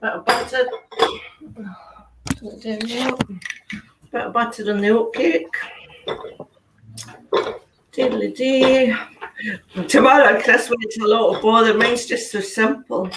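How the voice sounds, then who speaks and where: A woman's voice: a little high, steady tone, moderate pace, pauses often. A woman hosting an online whisky dinner in a chatty way, with laughs and half-finished sentences. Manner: chatty, laughs often, trails off mid-sentence. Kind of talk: casual tasting demonstration. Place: home, on a video call. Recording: echoey room, distant mic, faint noise.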